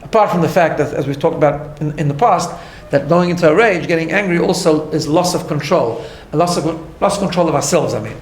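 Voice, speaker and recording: A man's voice: on the high side, lively intonation, a little fast, few pauses, reverberant, slight background noise. A man teaching a class, explaining his ideas step by step and often checking in with "right?". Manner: earnest, explains step by step, tags lines with "right?". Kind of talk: recorded class lecture.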